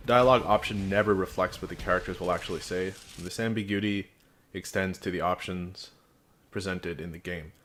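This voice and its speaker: A man with a notably deep voice talks through a video game review in a casual way. He is frank and sarcastic, and he slips in dry jokes. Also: steady tone, fairly quick, a bit bright.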